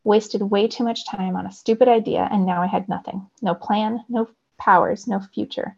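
Woman teacher reading a novel aloud for students, expressive, gravelly, dull lo-fi audio. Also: mid-range voice, moderate pace, few pauses. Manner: expressive storytelling.

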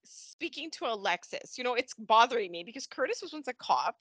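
A woman's voice: fairly high pitch, very animated, a little fast, a bit bright, breathy edge, dry recording. A woman co-hosting a podcast, chatting animatedly about a soap opera, laughing often and acting out the characters' lines. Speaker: podcast co-host. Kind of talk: casual fan recap chat.

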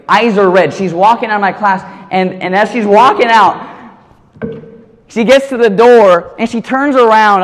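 A man giving a sermon, telling a story in a casual, animated way full of slang. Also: high-pitched. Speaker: youth pastor. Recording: long hall reverb.

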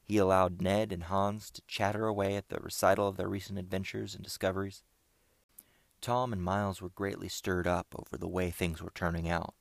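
A storybook chapter is narrated by a man whose voice is very low and gravelly, his delivery even and deliberate. The audiobook recording is close and dry, lacking any room sound.

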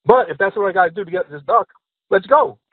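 A stand-up comedian acts out the characters in his jokes in a husky, slightly high voice. He talks in a casual podcast chat over a dry, tinny line that sounds like a phone call. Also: rapid-fire, no echo. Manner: animated storyteller acting out joke characters. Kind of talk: casual podcast joke-telling.

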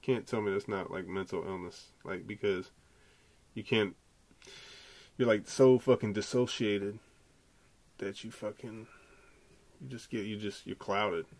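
A man hosting a podcast, delivering an animated, profane, slangy casual rant. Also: lowish voice, measured pace, pauses often, dry recording. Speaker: podcast host.

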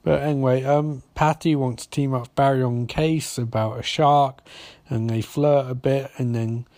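A man's voice: mid-range voice, fairly even intonation, unhurried, a little mellow, no room sound. A man giving a casual, rambling recap of a TV episode, sarcastic and profane. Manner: sarcastic, profane, full of restarts and fillers.

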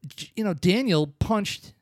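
A man's voice: high-pitched, a little slow, dry recording, studio quality. Rambling man reviewing a movie. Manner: rambling, animated, acts out scenes in voices. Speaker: podcast co-host. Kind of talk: casual movie-review chat.

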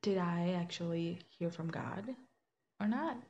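A woman's voice: on the low side, measured pace, dark tone. A young woman sharing a personal faith story in an earnest, conversational way, with fillers and restarts. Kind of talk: reflective personal testimony. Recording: slightly muffled with faint background hiss.

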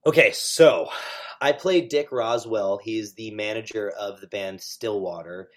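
A man, a stage actor, chatting as an interview guest, animated and full of fillers. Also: on the low side, measured pace. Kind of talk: casual interview chat.

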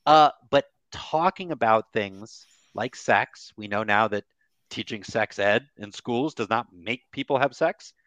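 A man speaking as a grief therapist guest in a candid podcast conversation, animated and swearing casually, acting out the voices he quotes. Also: lowish voice, measured pace, no echo.

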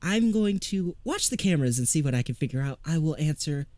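A man voicing a fussy, high-strung middle-aged male paranormal podcaster who talks in a flustered, snippy way. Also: lively intonation, brisk, a little mellow, dry recording, lightly acted.

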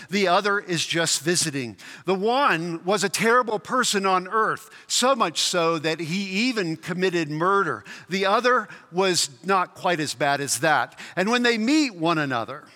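A man preaching a sermon as pastor, earnest and storytelling, slowing down to stress his points. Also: high voice, pushed and bright. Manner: earnest, storytelling, slows to emphasize. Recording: reverberant hall.

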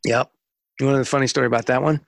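A man's voice: medium pitch, rapid-fire, vocal fry, dry recording. A man telling a long story in an interview, acting out the voices of the people in it. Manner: animated storyteller acting out dialogue. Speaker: music radio promotion executive.

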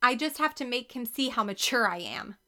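A woman's voice: a little high, lively intonation, fairly quick, bright, forceful tone. A woman voicing a lovestruck, determined eleven-year-old girl, earnest and wistful.

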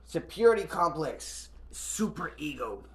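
A man joins a casual chat as co-host and vents bluntly about family trouble. He swears freely. His voice sits somewhat higher than most men's. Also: big pitch swings, a little slow, noisy background. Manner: blunt, profane, vents angrily.

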